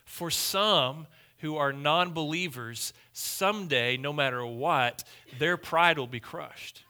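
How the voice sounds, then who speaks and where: A male pastor delivers a sermon with an emphatic, repetitive style. His voice sits a bit high and has a very bright, sharp edge. He swings between quiet, hushed phrases and loud declarations. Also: takes it slowly, smooth.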